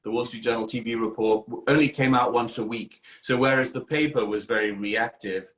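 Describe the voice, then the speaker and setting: A man from Kent, England, with an English accent, speaking as an interview guest and recounting his career in an articulate, measured way. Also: mid-range voice, fairly even intonation, fairly bright tone, reverberant, rough recording.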